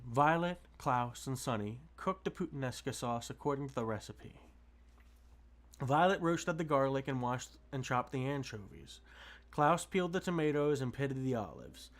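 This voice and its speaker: Man reading a storybook aloud. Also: mid-range voice. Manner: steady reading with occasional slips and restarts. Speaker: streamer reading books to chat. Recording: faint music behind.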